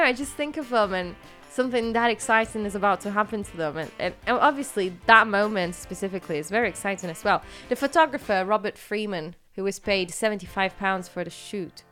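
Woman, podcast host, casual chat, hesitant with fillers, mid pitch, faint music behind. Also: fairly bright tone. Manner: chatty, hesitant, many fillers. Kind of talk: casual chat and reading notes.

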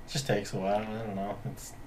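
A man's voice: lowish voice, little pitch movement, unhurried, a little mellow, slight background noise. A man co-hosting a podcast, telling profane stories in laid-back casual banter.

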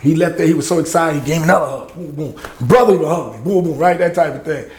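A middle-aged man, a music producer telling lively anecdotes in an interview and acting out the people he quotes. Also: fairly high pitch, fast talker, roomy sound. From Louisiana. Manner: lively anecdotes, acts out quoted voices, laughs often. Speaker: music producer and label head, interview guest. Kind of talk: animated storytelling in a podcast interview.

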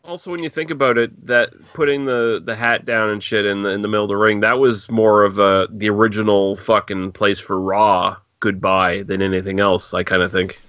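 A man's voice: fairly low pitch, fairly even intonation, moderate pace, few pauses, a bit bright, no room sound. A man co-hosting a casual podcast, blunt and swearing. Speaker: podcast co-host. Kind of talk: casual chat. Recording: dry, dull lo-fi sound.

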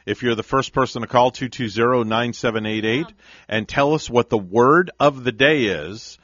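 A man's voice: medium pitch, fairly bright tone, no room sound. A man hosting a morning radio show, talking casually and laughing easily with callers. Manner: upbeat, quick to laugh. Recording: muffled broadcast audio.

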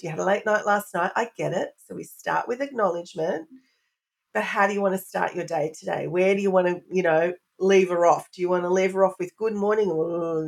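A middle-aged woman, a parenting expert guest on a podcast, speaking earnestly in lists and repetitions. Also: medium pitch. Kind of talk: podcast interview.

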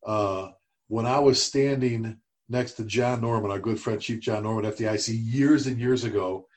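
A middle-aged man co-hosting a casual talk show, telling stories and getting animated when he quotes others. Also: fairly low pitch, normal speed. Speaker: podcast co-host. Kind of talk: casual conversation.

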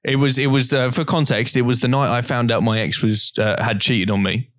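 A man's voice: mid-range voice, steady tone, a little fast, dry recording. Young guy rambling through a story, swears a lot, dry close sound. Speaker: podcast co-host. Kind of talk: casual chat.

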